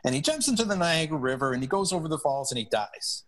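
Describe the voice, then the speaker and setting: Talking fast in a voice on the high side, this man shares stories earnestly as a hockey chaplain being interviewed on a podcast. He's animated and frequently restarts sentences partway through.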